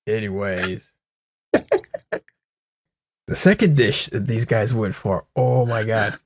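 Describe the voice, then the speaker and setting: A young man co-hosting a casual podcast, swearing freely and laughing through lively retellings. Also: fairly low pitch, takes it slowly, background noise. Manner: profane, laughs a lot, animated retellings. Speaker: podcast co-host. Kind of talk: casual banter.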